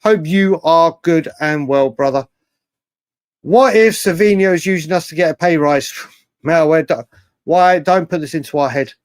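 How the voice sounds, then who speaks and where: His voice on the high side and clean, with no echo, a man speaks at normal speed while hosting a live fan stream. He chats through comments animatedly, repeating himself frequently and tossing in an occasional swear.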